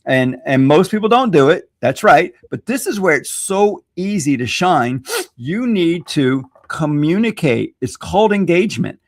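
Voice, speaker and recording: A man from Louisiana, a social media expert guest, explaining strategy in an animated, self-deprecating way and laughing readily. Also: a little high, unhurried, dry recording, studio quality. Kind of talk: conversational teaching.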